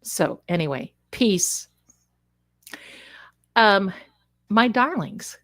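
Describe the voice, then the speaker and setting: A woman's voice: mid-range voice, a little slow. A woman hosting a psychic livestream, chatting casually and rambling, calling her viewers "my darlings.". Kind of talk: casual live-stream chat.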